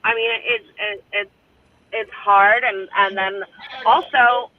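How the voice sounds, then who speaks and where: A woman's voice: mid-range voice, slow pace, phone-quality sound, a little hiss or hum. A woman in casual chat, talking animatedly and swearing freely. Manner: animated, swears freely, breaks into shouts and laughs.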